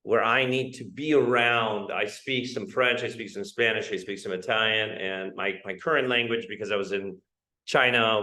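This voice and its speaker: A man's voice: fairly low pitch, fairly even intonation, normal speed, sharp tone, poor audio. A man teaching English in a live-streamed online lesson, talking conversationally, checking in with "right?" and greeting viewers by name as they join. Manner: conversational, keeps asking "right?".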